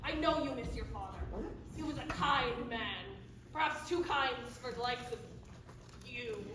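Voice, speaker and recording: A woman's voice: a little high, unhurried, noisy background, pitched below the performer's own voice, lightly acted. A woman playing a cruel, doting middle-aged stepmother in a live stage comedy, sugary to her own children and cold and commanding otherwise. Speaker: stage actor. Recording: echoey live stage from far off.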